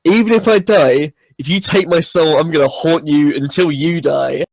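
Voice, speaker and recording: A jumpy, frightened little girl, put on by a man at a tabletop game, shrill and panicky in her protests. The voice sits above a typical man's pitch and sounds dry and close. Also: moderate pace, gravelly, no room sound, rough recording. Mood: defiant.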